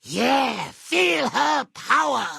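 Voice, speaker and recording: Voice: high voice, sing-song, very slow, gravelly, bright, forceful tone, no echo, raised voice, clean studio sound, full character voice. A performer voicing a cheerful robot companion in video game dialogue, speaking in a sing-song way. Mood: cheery. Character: chirpy robot companion, sidekick.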